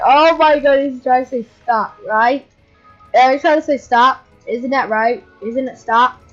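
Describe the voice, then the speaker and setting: This woman's voice sits high and her pace is unhurried as she casually comments on her gameplay, giggling a lot and breaking into playful squeals. The audio is dull and lo-fi, with faint game music behind her.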